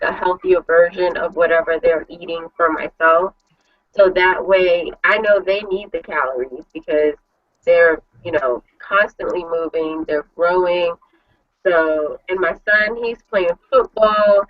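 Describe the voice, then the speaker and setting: A woman's voice: lowish voice, recorded from a distance. Chatty woman host, lo-fi sound. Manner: chatty, animated storytelling with lots of "like". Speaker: host of an online panel show. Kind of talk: casual chat.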